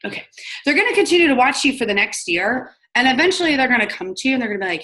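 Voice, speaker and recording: A woman's voice: high voice, big pitch swings, sharp tone. Chatty young woman coaching a sales team. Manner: chatty, fast, acts out sample phone calls with lots of "like". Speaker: network marketing team trainer. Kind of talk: casual training talk on a call.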